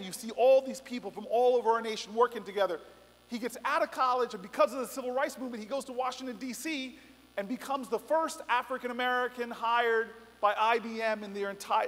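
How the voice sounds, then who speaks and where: A man's voice: sits high, a bit bright. A middle-aged man giving a passionate, rousing speech at a student rally, mixing stories with emphatic appeals. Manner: passionate, building to emphatic peaks, storytelling asides. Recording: echoey hall reverb.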